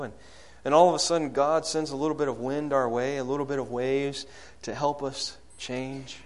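A man's voice: steady tone, moderate pace, few pauses. Man preaching a sermon. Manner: rises loud and high when acting out quoted prayers, drops low and soft on key lines; asks the congregation questions.

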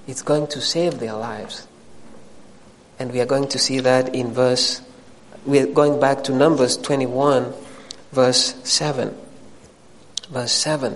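A man's voice: medium pitch, in a large hall, poor audio. A man preaching a sermon to a congregation, addressing them directly and rising into emphatic questions.

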